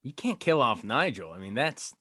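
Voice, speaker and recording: A man's voice: medium pitch, very animated, moderate pace, sharp tone, husky, dry recording, studio quality. A man hosting an interview podcast, asking friendly, enthusiastic questions. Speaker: podcast host and entertainment reporter. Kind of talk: casual interview.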